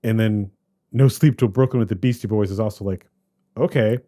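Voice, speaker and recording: A man co-hosting a podcast, chatting casually about a movie in a rambling, animated way that keeps trailing off and restarting. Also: on the low side, fairly quick. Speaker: podcast co-host. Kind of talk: casual movie review chat.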